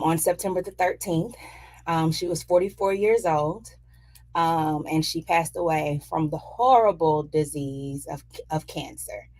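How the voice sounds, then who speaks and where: A woman hosting a talk show, chatting casually and speaking candidly about personal matters from the show's studio. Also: low-pitched. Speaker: show host.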